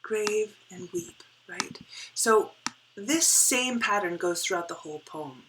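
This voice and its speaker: A woman teaching a poetry lesson, explaining step by step and often checking in with "right?", dropping to a soft whisper as she reads lines aloud. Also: mid-range voice, lively intonation, slow pace, noisy background. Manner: drops to a soft whisper while reading and counting. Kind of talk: poetry lesson with board work.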